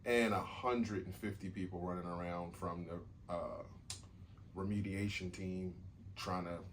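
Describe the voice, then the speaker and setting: A man's voice: deep voice, fairly even intonation, measured pace, slight background noise. A man co-hosting a podcast, talking casually in a rambling way, repeating himself and swearing now and then. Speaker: podcast co-host. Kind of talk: casual chat.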